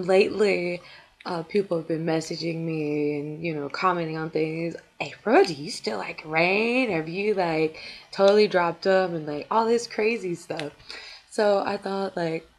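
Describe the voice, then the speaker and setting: A young woman vlogging casually to camera as a fan blogger, chatty and full of fillers, with quick laughs. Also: on the low side.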